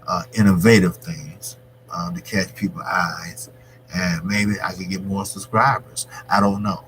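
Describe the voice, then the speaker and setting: A man hosting his own boxing channel, talking through a fight in a rambling, conversational way that grows animated when he argues a point. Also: deep voice, slight background noise, low-quality recording. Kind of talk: casual boxing commentary.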